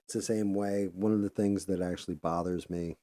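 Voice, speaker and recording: A middle-aged man talks in a loose, profane, rambling way, restarting his sentences as he tells a story. His voice sits very low and dark. The sound is dry and close, with no room around it. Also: fairly even intonation, fairly quick, no room sound. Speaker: podcast host. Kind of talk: casual monologue.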